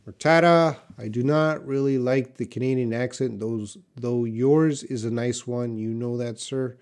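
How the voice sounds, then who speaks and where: On a live stream, an English teacher with a medium-pitched voice talks at a moderate pace with hardly any pauses. He reads chat questions aloud and responds in a relaxed, think-aloud manner full of fillers.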